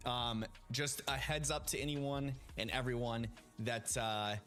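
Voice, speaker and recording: A man's voice: mid-range voice, a little slow, fairly bright tone. A man chatting casually to viewers during a live stream, upbeat and greeting people by name. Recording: faint music behind.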